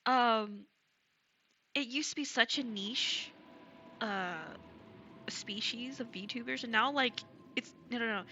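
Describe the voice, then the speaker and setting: A woman streaming live while gaming, chatting casually and gushing excitedly over her viewers. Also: a little high, slow, long pauses, lo-fi sound. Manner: bubbly and gushing, thanks chat excitedly.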